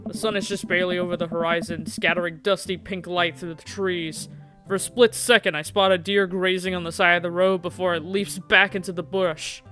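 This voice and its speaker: A man's voice: high voice, bright, forceful tone. A man streaming a game, reading its text aloud with playful, jokey asides. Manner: playful, laughs at his own slips.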